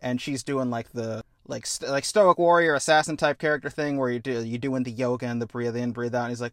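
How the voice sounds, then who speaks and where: A man hosting a podcast, animatedly pitching a film story and acting out scenes. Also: no room sound, clean studio sound. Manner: animated, acts out scenes in quick voices. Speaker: podcast host. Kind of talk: casual pitch of a story idea.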